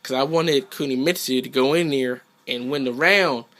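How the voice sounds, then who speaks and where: A man with a bright, forceful voice runs through a fighting-game match he played. He tells it in loose, fast, slangy trash-talk full of profanity, and he jumps into animated voices for the players he quotes. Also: medium pitch. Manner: quick, loose storytelling. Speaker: gaming channel host. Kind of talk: casual commentary over gameplay.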